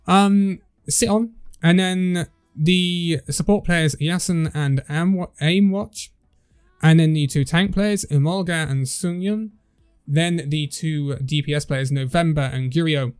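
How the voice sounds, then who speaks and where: A man's voice: fairly high pitch, takes it slowly, smooth. A man hosting a casual esports news roundup, chatty and tripping over player names as he reads through the list.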